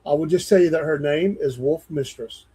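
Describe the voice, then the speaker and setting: Playful man, high mellow voice. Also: brisk, breathy edge. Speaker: co-host. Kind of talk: casual podcast chat reading fan mail.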